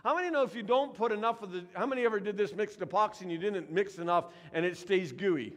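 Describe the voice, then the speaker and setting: Man, pastor, emphatic sermon, call-and-response, high voice, long church reverb. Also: fast talker. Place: church sanctuary.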